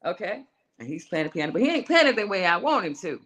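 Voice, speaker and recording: A woman, a singer and songwriter, telling a personal story on a live show in a lively way, acting out voices and calling her listener "girl". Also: on the low side, rapid-fire. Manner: animated, acts out her own voice and inner voices, calls the listener "girl".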